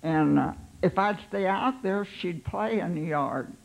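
An older woman, a pastor's wife, telling her life story in an unhurried, halting way, voicing her own thoughts aloud. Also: on the low side, expressive, creaky, poor audio.

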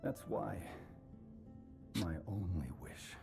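A gravelly old father figure. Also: slow pace, full character voice. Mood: sorrowful. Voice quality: deep gravelly voice. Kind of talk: game cutscene dialogue. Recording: game audio under music.

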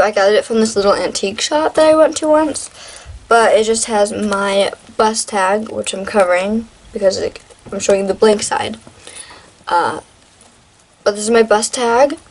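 A woman's voice: mid-range voice, low-quality recording. Chatty teenage girl vlogger. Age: teens. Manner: chatty and rambling, full of "like" and restarts. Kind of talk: casual show-and-tell vlog.

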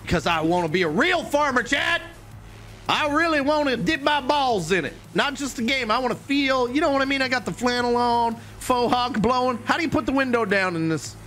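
High, animated goofy gamer guy. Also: brisk, faint music behind. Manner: goofy, crude joking with sudden shouts. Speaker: gaming streamer. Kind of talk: casual gameplay commentary.

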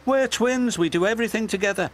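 A man's voice: high voice, fast talker, a little hiss or hum, pitched above the performer's own voice, close to an everyday voice. A man voicing a sulky, jealous little twin engine who whines and huffs in a storybook tale. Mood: whiny. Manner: whiny, huffy. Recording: loud background music.

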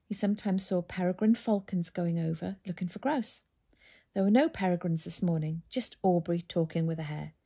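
A woman narrating a children's book in a steady storytelling manner. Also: fairly low pitch, moderate pace, vocal fry, breathy edge.

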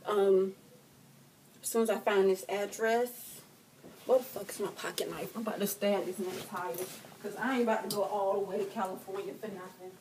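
A young woman vlogging a profane, dramatic comedic rant, swinging between loud outbursts and quiet hurt. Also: medium pitch, steady tone, normal speed, slight background noise.

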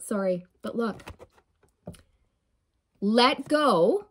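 A woman's voice: medium pitch, expressive, unhurried, pauses often, slightly rough. A woman giving a channeled tarot reading, emphatic and encouraging, often repeating phrases and checking in with "okay?" and "right?". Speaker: tarot reader.

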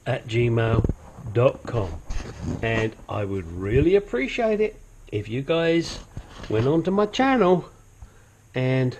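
A man's voice: mid-range voice, darkish tone, a little hiss or hum. A man hosting a home mechanic channel, chatting casually through a brake and control arm job, swearing now and then and wandering into asides. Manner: puts on a silly accent at times. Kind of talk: casual how-to narration while working.

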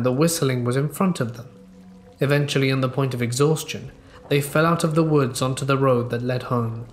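A man narrating true scary stories in a calm, measured storytelling way. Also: mid-range voice, slight background noise. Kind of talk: scripted narration. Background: faint rain ambience.

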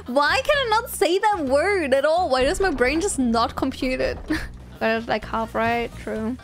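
Woman, game streamer, high voice, lively swoops, laughing, stumbling, yelling, faint music behind. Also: slow pace. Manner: laughs a lot, stumbles over words, yells in frustration. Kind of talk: casual live-stream chat.

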